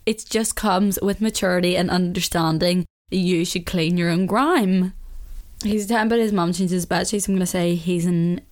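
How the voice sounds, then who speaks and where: A woman's voice: lowish voice, steady tone, moderate pace, a little mellow. Chatty Northern Irish woman podcaster. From Northern Ireland. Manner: chatty, opinionated, often laughing. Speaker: podcast host. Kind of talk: casual solo podcast chat.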